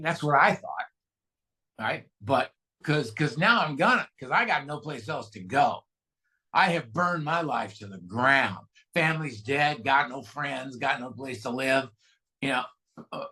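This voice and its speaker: A man gives a candid, self-mocking recovery share. His voice sits high for a man and sounds bright and forceful. He tells his story plainly and often restarts his sentences. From California, USA. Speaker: guest speaker at a recovery meeting.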